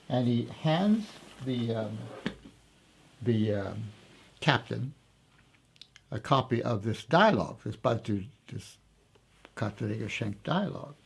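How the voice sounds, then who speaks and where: Gravelly, husky man telling a story. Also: medium pitch, expressive. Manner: hesitant, many pauses and fillers; reflective, unhurried storytelling. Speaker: interviewee. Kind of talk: storytelling in an interview.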